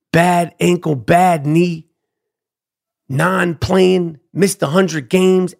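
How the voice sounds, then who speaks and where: A middle-aged man rants on his own podcast, brash and profane. His voice sits high for a man and has a gravelly rasp. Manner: loud, brash, trash-talking, repeats "Duke". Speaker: podcast host. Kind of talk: profane ranting monologue.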